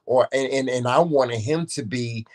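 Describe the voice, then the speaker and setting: A man's voice: medium pitch, a little slow. Man chatting on a couple's podcast. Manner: repetitive, restarts sentences. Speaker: co-host. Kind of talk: casual podcast chat.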